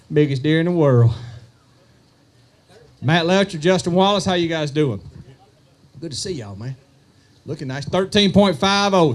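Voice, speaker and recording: A man emceeing an outdoor fishing tournament weigh-in, joking with anglers and calling out weights slowly. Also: on the high side, a little mellow. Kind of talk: live weigh-in announcing with banter.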